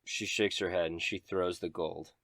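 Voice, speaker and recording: A man runs a tabletop game as game master in a deep, low voice. He narrates scenes in a descriptive, dramatic way. The recording is dry and close. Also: fairly even intonation, moderate pace, creaky, fairly bright tone, dry recording.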